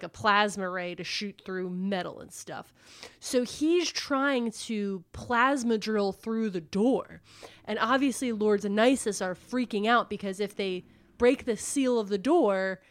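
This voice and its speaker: A woman's voice: medium pitch, clean tone. A woman hosting a book club podcast, casually retelling a novel's plot and acting out the characters' lines. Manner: animated storyteller acting out quotes, says "like" often.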